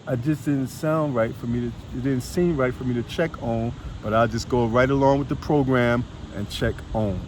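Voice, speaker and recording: A man's voice: mid-range voice, fairly even intonation, moderate pace, few pauses, darkish tone. Man talking money outdoors in traffic. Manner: repetitive, emphatic, rhetorical questions. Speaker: financial coach. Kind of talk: casual talk to camera.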